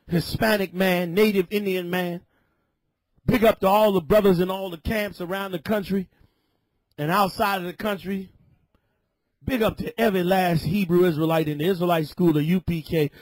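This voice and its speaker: A man preaching a fiery sermon, shouting and scolding his listeners. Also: sits high, no room sound.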